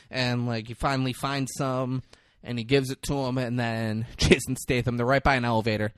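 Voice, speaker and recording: A man on a podcast casually recapping a movie plot, jumping into loud, high voices when he quotes the characters. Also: fairly quick, clear, resonant tone, no room sound, clean studio sound. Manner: animated retelling, acting out characters in quotes. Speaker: podcast co-host.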